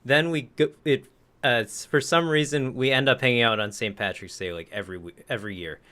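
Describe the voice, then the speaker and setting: A man's voice: medium pitch, brisk, sharp tone. Rambling male podcast co-host. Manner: rambling, self-correcting storyteller. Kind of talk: casual chat.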